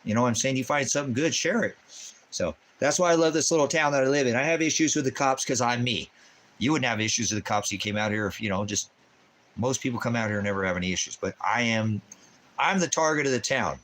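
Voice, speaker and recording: A man's voice: medium pitch, fast talker, fairly bright tone, slight background noise. A man hosting a casual livestream, rambling and preachy and often cursing, now and then cooing at his dog. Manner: baby talk to his dog. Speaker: YouTube channel host.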